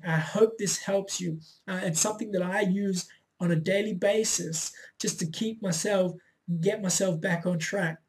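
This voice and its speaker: A man's voice: sits high, a little mellow. A man giving a casual motivational talk to camera as a self-help vlogger, often checking in with "right?" and speaking loosely. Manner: loose and unpolished, with frequent fillers and restarts.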